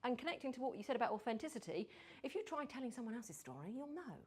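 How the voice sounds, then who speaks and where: A woman giving a lively talk on storytelling to a group, acting out her stories and sometimes dropping to a whisper for suspense. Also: on the high side, quick pace, slightly rough. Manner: animated, mimics accents, drops to whispers for suspense. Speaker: speaker on storytelling.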